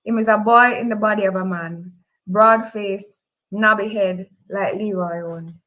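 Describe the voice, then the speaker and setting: A woman with a Jamaican accent reads a novel aloud in a middle-pitched voice. She tells the story in the first person, and her voice rises into high emotional cries in the dialogue. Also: steady tone, unhurried, pushed and bright, low-quality recording. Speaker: reader. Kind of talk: audiobook-style fiction reading.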